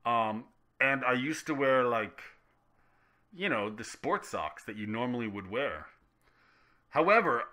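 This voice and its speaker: A man hosting a casual gaming vlog Q&A, rambling and joking with self-deprecating asides, his delivery swinging between loud and soft. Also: mid-range voice. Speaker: gaming YouTuber answering viewer questions.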